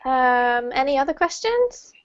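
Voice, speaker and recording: Teacher lady on a video call, kinda high voice, slightly dull sound, patient and encouraging, spells out words slowly. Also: sing-song, clear, resonant tone. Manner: encouraging, laughs often, models pronunciation slowly. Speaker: English teacher. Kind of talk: online English lesson.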